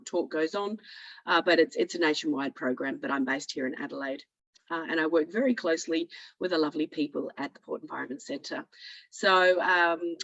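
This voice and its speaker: A woman with an Australian accent, hoarse from illness, giving a chatty presentation over a video call. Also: fairly low pitch, fairly bright tone, dry recording, muffled recording. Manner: chatty, with many fillers. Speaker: guest speaker, program director. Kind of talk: presentation to an online audience.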